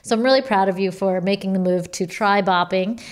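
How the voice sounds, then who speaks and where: A woman's voice: mid-range voice, steady tone, fairly quick. A young woman who recently had a baby, hosting a podcast and chatting in an encouraging way. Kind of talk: casual chat.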